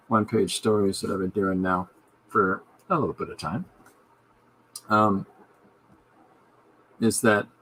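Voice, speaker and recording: A man's voice: fairly low pitch, fairly bright tone, slight background noise. A man hosting his own podcast, chatting casually and jokily while he draws a comic. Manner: rambling, jokey asides. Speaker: podcast host and comic artist. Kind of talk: casual chat while drawing.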